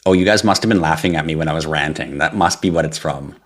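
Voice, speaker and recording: Blunt, profane crypto livestream host. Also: male voice, fast. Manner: mocks panicky victims in a high squeal. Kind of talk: casual livestream rant.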